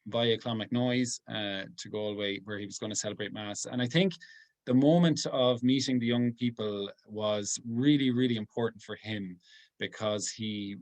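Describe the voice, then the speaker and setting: A man, a priest giving an informal talk to a group. He speaks earnestly and softly, pausing often as he thinks aloud. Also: on the low side. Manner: halting, thinking aloud with many pauses.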